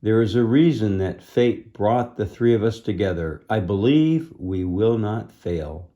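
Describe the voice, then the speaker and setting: A calm, wise boy dragon master from a children's storybook, as a man reading aloud puts him on. He speaks slowly and steadily in a low, dark voice. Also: muffled recording.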